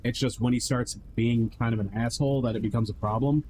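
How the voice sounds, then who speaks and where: A man's voice: mid-range voice, steady tone, fast talker, noisy background. A man streamer telling a long, rambling story in casual chat, heavy on swearing and filler words, acting out what others said. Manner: rambling, profane, lots of fillers and quoted voices.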